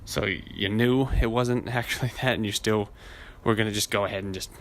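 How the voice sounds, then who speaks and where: On his podcast, a man with a lowish, fairly even voice tells a rambling, profane story at a brisk clip, acting out the people in it as he chats casually.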